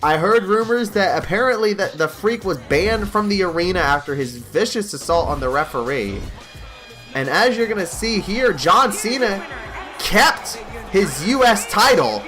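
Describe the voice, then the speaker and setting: High-voiced guy hyping up a wrestling video game like an announcer, bright sharp tone, faint music behind. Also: normal speed. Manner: excitable, hype announcer delivery. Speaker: gameplay commentator. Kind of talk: mock play-by-play wrestling commentary over gameplay.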